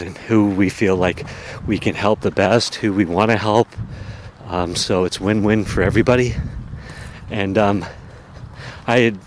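Outdoors in a town, with slight background noise, a podcast host talks in a fairly low-pitched voice. His casual personal monologue wanders, heavy with fillers and jokes at his own expense.

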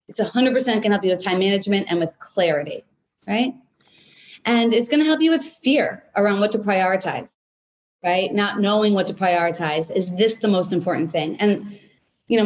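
Energetic woman coaching on a live call. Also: medium pitch. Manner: energetic, repeats points with "right?"; casual, occasional swearing. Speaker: business coach. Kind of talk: live online workshop.

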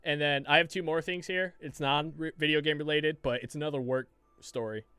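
Smooth-voiced man telling a rambling story. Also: fairly high pitch, steady tone, normal speed, pushed and bright, dry recording. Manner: rambling, profane storytelling with many restarts. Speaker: podcast co-host. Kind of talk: casual podcast chat.

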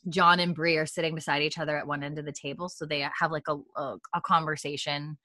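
A young woman recaps a story in a loose, animated chat, full of fillers and asides. Her voice sits fairly low, and the recording is close and completely dry. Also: fast, dry recording. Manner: animated retelling with fillers, laughter and swearing. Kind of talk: casual chat.

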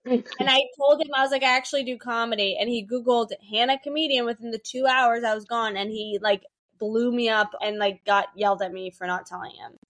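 A woman's voice: fairly high pitch, steady tone, a bit bright. A young woman co-hosting a podcast, telling candid stories in casual chat and acting out the people she quotes. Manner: candid, rapid storytelling with quoted voices. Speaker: podcast co-host.

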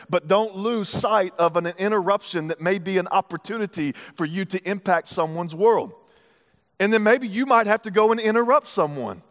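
High-voiced pastor preaching in a hall. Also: male voice, fairly bright tone. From United States. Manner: casual, joking asides. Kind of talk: sermon.

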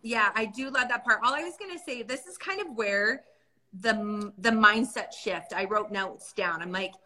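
A woman's voice: medium pitch, moderate pace, pushed and bright. A young adult woman co-hosting a casual faith discussion, earnest and storytelling. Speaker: podcast co-host.

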